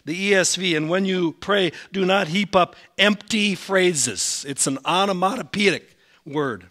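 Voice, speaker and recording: A man with an Upper Midwest American accent preaches a Sunday sermon as senior pastor. His voice is bright and a touch high, and it climbs and swells whenever he reads scripture aloud. He breaks off now and then for self-deprecating asides. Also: unhurried. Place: church sanctuary.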